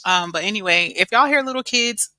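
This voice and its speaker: A woman's voice: medium pitch, expressive, fairly quick, bright, forceful tone, dry recording. A middle-aged woman chatting casually on a live stream, greeting viewers and laughing often.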